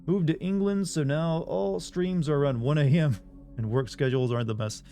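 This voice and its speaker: It's casual live-stream chat: a man from the US South with no regional accent plays a game, reads viewers' messages out loud, and rambles in reply. He talks at normal speed in a fairly high, mellow voice over soft background music.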